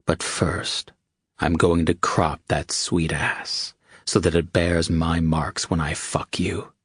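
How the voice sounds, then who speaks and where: A man playing a commanding, possessive lover in an audiobook, with a low, controlled murmur. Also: level tone, slow, a bit bright, breathy edge, dry recording, studio quality, full character voice. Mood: seductive.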